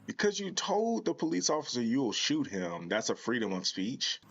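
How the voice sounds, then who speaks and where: American guy reacting to a clip, lively up-and-down voice, disbelieving. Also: mid-range voice, moderate pace, gravelly, husky, muffled recording. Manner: incredulous, scolding asides. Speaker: reaction video host. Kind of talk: reaction commentary.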